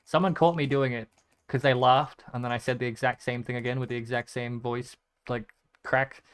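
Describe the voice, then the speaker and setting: A man's voice: mid-range voice, fairly even intonation, moderate pace, clean tone. A male gaming streamer giving casual gameplay commentary, muttering repeated item names as he clicks and swearing often.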